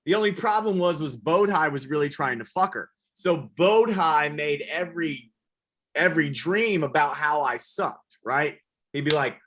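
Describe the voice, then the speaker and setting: A man's voice: a little high, lively intonation, a bit bright. A man from the American South doing a stand-up comedy set, working the crowd and swearing freely. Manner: crowd work with drawn-out impressions, profane. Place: comedy venue with a live audience.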